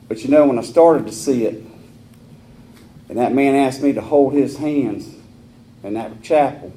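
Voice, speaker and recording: A man in his forties with a Southern US accent, speaking at a recovery meeting in a folksy, rambling way with rough humor. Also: mid-range voice, dark tone, a little hiss or hum. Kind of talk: personal recovery talk.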